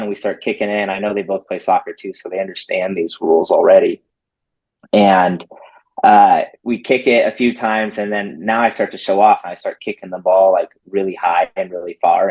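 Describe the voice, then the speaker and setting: A man's voice: deep voice, muffled recording. A man, a dog trainer, telling a story in a casual interview and acting out what people said, with lots of "like". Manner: animated, acts out quotes with lots of "like".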